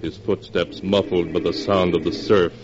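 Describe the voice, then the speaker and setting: A man narrating an old radio drama in a measured, grave manner, on a dull lo-fi recording with faint music behind. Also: low-pitched, flat delivery, background noise. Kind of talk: scripted narration.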